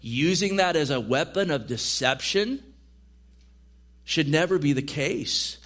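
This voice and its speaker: A man's voice: fairly high pitch, animated, measured pace, a bit bright. A man preaching a sermon in a church as pastor, reading scripture aloud and pressing his points with earnest emphasis.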